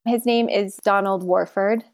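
A woman guest speaking softly and haltingly in a personal remembrance, with small laughs between thoughts. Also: medium pitch, steady tone. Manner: soft, halting, tearful. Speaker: interview guest.

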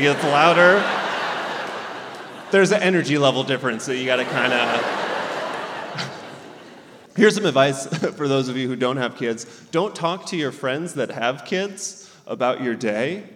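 A man in his thirties does a live stand-up set, animated and chuckling between lines as he acts out his friends' voices. His voice rings out in a big hall with a long reverb tail, over a faint murmur of the crowd and some background hiss. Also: medium pitch, a little slow. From Southern California. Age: 30s. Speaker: stand-up comedian and guest. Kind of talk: stand-up set, then casual interview.

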